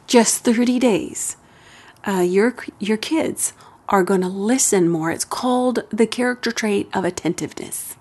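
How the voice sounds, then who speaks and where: A woman hosting a parenting advice show, explaining step by step in a calm, steady way. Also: fairly high pitch, measured pace. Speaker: parenting radio host. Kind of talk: advice talk.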